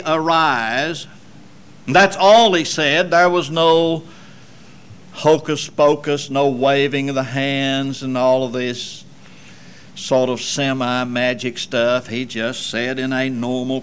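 A man preaching a sermon, swinging between loud emphatic passages and low, quiet asides. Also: clear, resonant tone. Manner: slow deliberate delivery with folksy asides.

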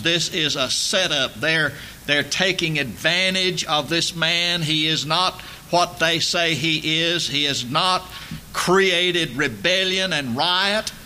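A man preaching a sermon, emphatic and building to loud dramatic peaks. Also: on the high side, slight background noise.

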